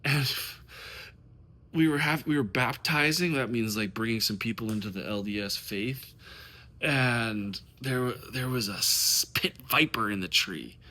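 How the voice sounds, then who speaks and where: A man's voice: medium pitch, a little slow, sharp tone. A man who coaches on dating, talking casually to the camera in a passionate, rambling rant full of swearing.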